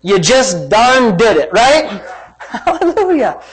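A pastor delivers a church sermon with driving energy. The preacher hammers points home through repetition and rhetorical questions, pitched in an ordinary middle range. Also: big pitch swings, takes it slowly, low-quality recording. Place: church service.

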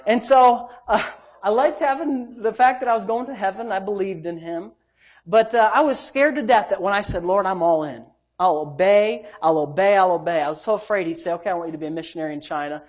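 A man preaching a sermon and telling his own story. He swings between loud, emphatic preaching and low, muttered asides, and he acts out the quoted voices. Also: normal speed. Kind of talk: sermon with personal testimony.

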